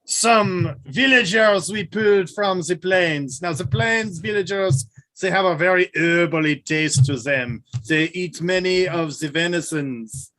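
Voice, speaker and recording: A man's voice: high voice, measured pace, few pauses, a bit bright. A man hamming up a monstrous Trolloc cooking-show host. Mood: showy. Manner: hammy cooking-show patter.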